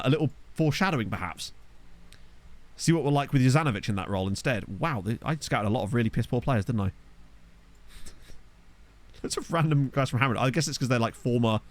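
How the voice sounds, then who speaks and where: A man talking through a football management game, chatty and loose, swearing freely and chuckling at his own asides. His voice sits at an ordinary middle pitch but bounces around a lot as he reacts. He records at a desk microphone. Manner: chatty, swears casually, laughs at own jokes. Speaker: gaming YouTuber. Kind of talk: let's play commentary. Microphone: desktop USB microphone.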